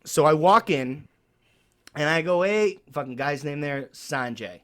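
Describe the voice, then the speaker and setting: A man's voice: on the high side, unhurried. A man co-hosting a casual podcast chat, telling a story with lots of swearing and acting out what others said, with a New York accent. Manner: animated storyteller, swears often, acts out other people's lines. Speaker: podcast co-host.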